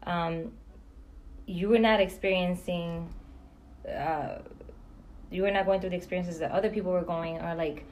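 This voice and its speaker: A woman's voice: on the low side, fairly even intonation, normal speed, long pauses, darkish tone, a little hiss or hum, low-quality recording. A woman co-hosting a podcast, talking in a supportive way and asking reflective questions. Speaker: podcast co-host. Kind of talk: conversational podcast chat.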